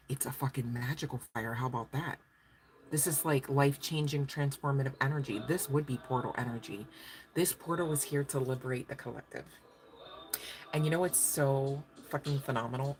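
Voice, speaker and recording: A woman's voice: extremely low pitch, moderate pace. A woman giving a casual livestream tarot reading, chatty and profane, laughing often. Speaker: tarot card reader.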